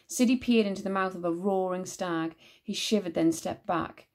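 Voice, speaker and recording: A woman teacher reading a children's novel aloud in a measured, expressive way. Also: on the low side.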